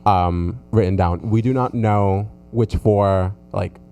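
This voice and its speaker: Giggly low-voiced podcast host. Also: male voice, slow, dark tone, clear, resonant tone. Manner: chatty, giggly, lots of fillers like "mama". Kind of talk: casual chat.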